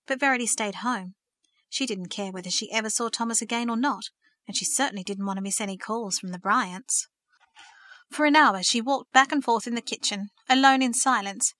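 Bright-voiced woman narrating a story. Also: a little high, dry recording, studio quality. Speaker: audiobook narrator. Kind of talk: scripted narration.

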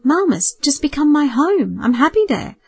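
A woman's voice: high-pitched, sing-song, normal speed, vocal fry, darkish tone, no room sound, voice pushed up, full character voice. Woman narrator doing a guarded young guy, polite and a bit evasive, dry sound. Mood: defensive. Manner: polite, subdued, a bit defensive. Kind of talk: audiobook character voice.

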